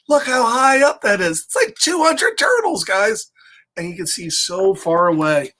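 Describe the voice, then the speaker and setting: A man reads a storybook aloud to children at an unhurried pace. He stops often to chat with his young listeners and asks them friendly questions. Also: high-pitched, expressive, bright, forceful tone. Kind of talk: reading a storybook to kids, chatting between pages.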